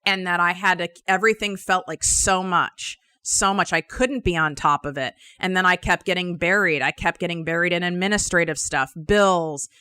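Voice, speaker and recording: Candid woman host with a bright voice. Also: fairly low pitch, normal speed, few pauses, clean tone, no room sound. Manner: confiding, emphatic, swearing casually. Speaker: podcast host. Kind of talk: candid personal storytelling.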